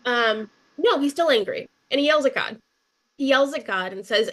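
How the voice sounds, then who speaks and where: Vrouw die een losse, praterige preek houdt. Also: female voice, sits high, lively intonation, moderate pace, a bit bright. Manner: conversational, with fillers and asides. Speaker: preacher. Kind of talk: sermon.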